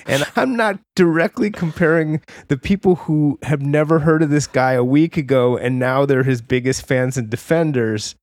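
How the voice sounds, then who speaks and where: A man's voice: a little high, normal speed, few pauses, no room sound. A man hosting a podcast conversation, wry and dryly joking. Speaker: podcast host.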